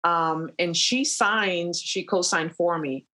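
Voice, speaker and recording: A woman airline captain, a podcast guest, telling a personal story in a relaxed conversational way with many fillers. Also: lowish voice, slow pace. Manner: animated retelling with frequent fillers and laughs.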